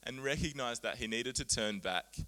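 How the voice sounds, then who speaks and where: A man preaching a sermon, earnest and animated, often laughing at himself as he explains Bible words. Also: mid-range voice, moderate pace.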